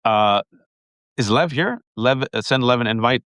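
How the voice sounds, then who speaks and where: Fast-talking, emphatic New York man. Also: medium pitch, lively intonation, fairly bright tone, no echo, studio quality. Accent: New Yorker. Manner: rapid-fire, emphatic, addresses viewers as folks. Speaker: political commentator and show host. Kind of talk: fast live-stream political commentary.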